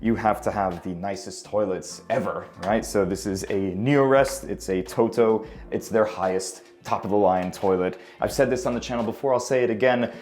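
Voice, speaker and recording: A man's voice: lowish voice, normal speed, few pauses, a little mellow, soft background music. A man hosting a property tour vlog, walking through rooms and streets in an upbeat, chatty, joking manner. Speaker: real estate tour host. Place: on location, indoors and outdoors.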